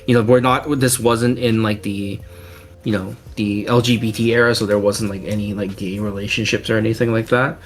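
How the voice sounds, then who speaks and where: A man's voice: on the low side, level tone, brisk. A young man co-hosting a podcast, chatting casually in a rambling, filler-heavy and teasing way. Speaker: podcast co-host. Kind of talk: casual chat.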